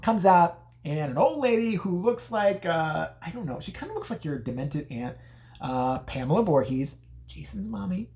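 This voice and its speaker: A man's voice: high voice, animated, moderate pace, vocal fry, darkish tone. Sarcastic, foul-mouthed male movie reviewer. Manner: profane and sarcastic. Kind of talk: casual movie recap.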